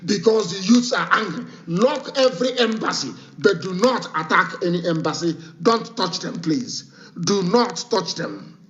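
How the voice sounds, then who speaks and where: A man delivers an impassioned live address in a somewhat high voice, issuing commands and hammering them home through repetition. His voice is still worn from a recent illness. The sound is dull and lo-fi, like a broadcast feed. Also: expressive, measured pace, fairly bright tone. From Nigeria. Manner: commanding, repeats orders with emphasis. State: voice not fully recovered from illness.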